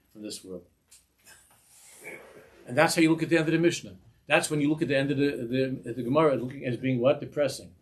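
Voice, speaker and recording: A middle-aged man, a rabbi, giving an animated Torah class, acting out little dialogues and sprinkling in Yiddish and Hebrew words. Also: medium pitch.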